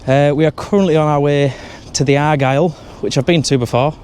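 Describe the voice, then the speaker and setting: His voice a little high with a darkish tone, a travel vlogger talks fairly quickly and with fairly even intonation. He casually reviews pubs on a handheld camera, joking dryly as he goes in and out of pubs and streets. There's a little hiss or hum.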